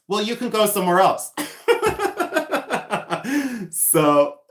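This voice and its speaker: A man's voice: sits high, expressive, slow pace. Giggly man chatting on a livestream, echoey room. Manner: giggly, rambling, lots of ums and laughs. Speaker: livestream host selling vintage jewelry. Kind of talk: casual livestream chat reading viewer comments.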